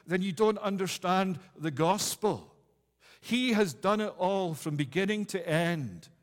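A man's voice: sits high, long reverb tail. A man preaching a communion sermon in a church, earnest and repeating key phrases for emphasis. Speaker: pastor.

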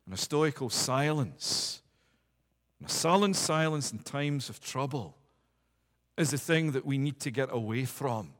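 A man's voice: medium pitch, lively intonation, a little slow. A man preaching a sermon, emphatic and building repeated declarations with rising force. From United Kingdom. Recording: long hall reverb.

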